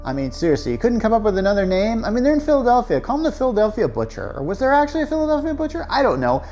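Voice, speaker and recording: A woman's voice: a little high, very animated, rapid-fire, dark tone, faint music behind. Chatty woman ranting about a film. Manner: chatty, sarcastic, with frequent fillers and rhetorical questions. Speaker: film reviewer. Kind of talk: casual rant-style movie review.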